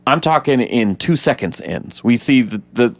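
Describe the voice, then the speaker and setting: A man in casual podcast chat who walks through a movie scene by scene. He keeps jumping into high, excited voices to act out the characters, and his voice sits at a middle pitch. The sound is close and dry. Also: normal speed, no room sound. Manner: animated storyteller, acts out characters in high voices. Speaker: podcast co-host. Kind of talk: casual film recap chat.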